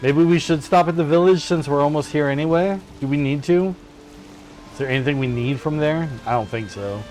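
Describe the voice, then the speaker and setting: This is a playful man on a gameplay stream, chatting and spinning a story. His voice sits a bit high for a man. Soft music plays faintly behind him. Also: fairly quick. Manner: playful and animated, with laughs. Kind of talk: casual gameplay chat with storytelling.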